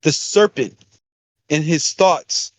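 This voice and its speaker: A young man with a noticeably high voice rambles through a profane story on a casual podcast. He is recorded close and dry, with no room sound around him. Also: slow pace, no echo. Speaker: podcast co-host.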